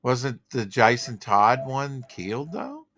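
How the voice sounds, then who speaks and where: A podcast host with a somewhat low voice runs a relaxed livestream chat about comics from his home computer, drifting between tech complaints and comic-book trivia. He reads viewer comments out at a measured pace, in an easygoing, rambling manner. The audio is dry and close, with no room echo.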